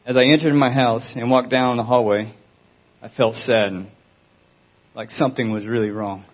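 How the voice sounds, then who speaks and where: A man's voice: medium pitch, steady tone, normal speed, highs cut off. A man giving an earnest, pleading Christian testimony.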